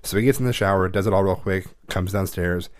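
Fed-up father, thirties, low and dry, swears freely while recounting. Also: fast, no echo. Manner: heated storytelling, swears a lot. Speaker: parent. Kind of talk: casual chat.

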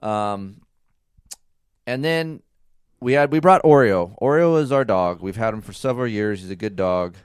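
A man's voice: fairly low pitch, expressive, moderate pace, clear, resonant tone, no room sound, studio quality. A man in his thirties co-hosting a casual chat, telling a story animatedly and swearing freely. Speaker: co-host of a couple's talk show.

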